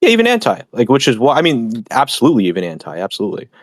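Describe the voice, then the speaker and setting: A man's voice: mid-range voice, wildly swooping pitch, racing, no echo. A man hosting a stream, chatting casually about philosophy and academia in a rambling, digressive, lecturing way with many fillers. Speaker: streamer host.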